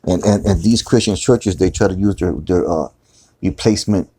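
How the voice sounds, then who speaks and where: Deep, mellow-voiced man preaching casually. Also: moderate pace, slightly rough. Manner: casual, repeats words, often says "man". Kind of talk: informal scripture teaching. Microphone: phone screen recording.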